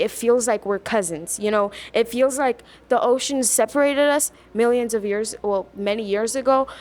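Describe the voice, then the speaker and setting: Higher-voiced teenage girl from South Africa. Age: teens. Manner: lively, talks fast with many likes and you knows. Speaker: student. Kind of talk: candid reflection on a trip.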